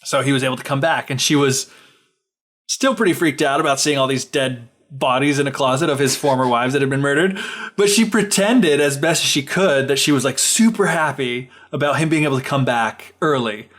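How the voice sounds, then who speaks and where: A man's voice: medium pitch, fairly quick, a bit bright. A young man co-hosting a podcast, casually retelling a fairy tale with lots of "like" and wry asides. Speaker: podcast co-host.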